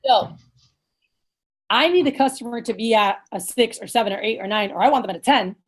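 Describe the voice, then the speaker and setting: Blunt, energetic woman coaching a team. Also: fairly quick, husky. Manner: blunt, energetic, swears casually; acts out lively sales pitches. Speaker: sales manager trainer. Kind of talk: casual coaching talk.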